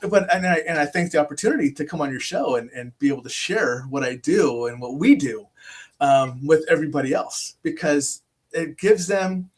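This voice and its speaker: Male podcaster as guest, husky and a bit high-pitched, animated and rambling, video-call sound. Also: moderate pace. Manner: rambling, animated storyteller with many restarts. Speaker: podcast host appearing as guest. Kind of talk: casual chat.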